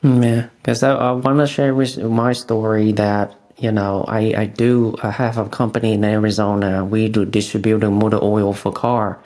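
A man's voice: on the low side, little pitch movement, moderate pace, hardly any pauses, darkish tone. A man hosting an interview, often murmuring agreement, speaking with non-native phrasing. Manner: frequent "mm-hmm" backchannels, non-native phrasing. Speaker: interview host. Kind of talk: casual conversational interview.

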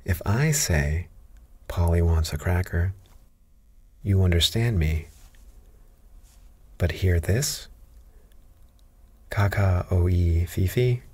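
A man's voice: sits low, slow, pauses often, darkish tone, husky, no echo, exaggerated voice. A man voicing a proud, bossy talking female parrot in a bedtime storybook reading.

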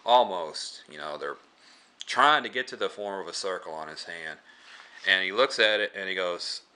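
A man with a low voice that has a sharp, pressed edge to it. He recaps a film loosely, stumbling through restarts and filler words. He keeps pausing to clear his throat. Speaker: movie reviewer. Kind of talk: casual plot retelling.

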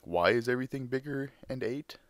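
A man voicing a female unicorn turned into a spider, read in a flat, deadpan way. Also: medium pitch, a little fast, dry recording, clean studio sound, pitched above the performer's own voice, natural voice.

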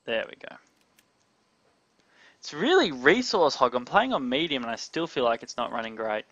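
A young man giving live gameplay commentary, excitable, talking to his chat and yelping when startled. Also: mid-range voice, moderate pace, dry recording, lo-fi sound. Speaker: gamer streaming live.

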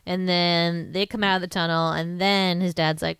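A young woman with a smooth, clear voice, recorded close and dry. She co-hosts a podcast, retelling film scenes in a brisk, chatty way. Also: lowish voice, little pitch movement, a bit bright, no echo. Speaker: podcast co-host. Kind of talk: casual chat, recapping a film.

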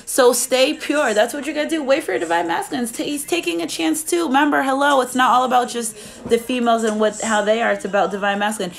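A woman's voice: high-pitched, fairly even intonation, fast talker, creaky. A young woman giving a casual live tarot reading, chatty and blunt, swearing freely as she talks to her viewers. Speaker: tarot reader.

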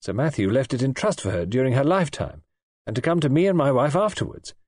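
A curt, troubled young husband, read by a man in a clipped, offhand voice. It is slightly husky and recorded dry and close to the mic. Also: medium pitch, animated, fast talker, a little mellow, no echo, voice pushed up.

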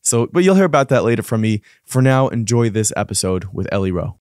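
A man's voice: medium pitch, big pitch swings, a little fast. A man hosting a podcast interview, chatty and teasing, asking long rambling questions. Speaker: podcast host.

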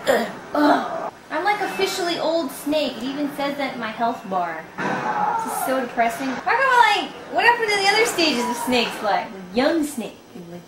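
A woman hosting a gaming video, giving excitable let's-play commentary full of swearing and shrieking reactions. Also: high voice, noisy background. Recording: echoey room with loud game music behind.

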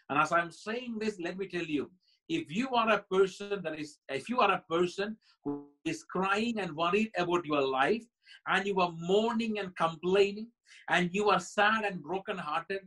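A man's voice: high-pitched, a bit bright, low-quality recording. A man preaching a sermon as pastor at a Bible study, emphatic and building his points through repeated phrases. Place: church.

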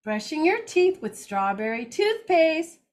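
An older woman teaching a children's circle time, reading picture books aloud in an animated, expressive, gentle way. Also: high voice, measured pace.

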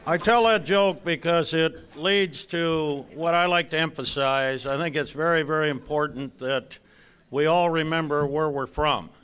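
Slow, deadpan older man telling jokes. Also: a little high, smooth. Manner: dry, deadpan joke telling. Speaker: retired basketball coach giving an induction speech. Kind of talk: after-dinner speech with jokes.

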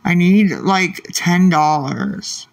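Speaking extremely slowly in a high, gravelly voice, a man streams late at night, irritably firing back at people in his chat and muttering words again and again. He's an adult with kids, reading comments aloud.

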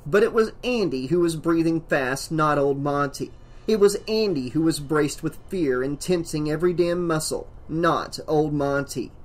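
A man's voice: a little high, moderate pace. A man reading a horror novel aloud as an audiobook narrator, with dramatic emphasis.

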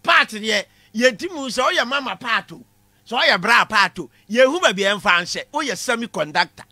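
A man giving a comic classroom lecture, animated, shouting punchlines and laughing at his own jokes. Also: very high voice, normal speed, no room sound. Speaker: comedy lecturer.

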